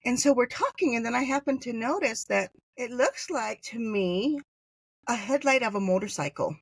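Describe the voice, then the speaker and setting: Podcast guest, a woman from Hawaii, recounts a story with animated jumps and self-corrections; dry, close sound. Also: normal speed, husky, no echo, low-quality recording. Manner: animated, acts out quoted voices with pitch jumps. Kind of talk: personal storytelling.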